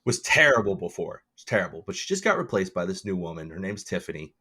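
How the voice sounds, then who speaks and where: A man's voice: low voice, very animated, fast, pushed and bright, slightly rough. A man co-hosting a podcast in casual chat, telling rambling stories and chuckling often. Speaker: podcast co-host.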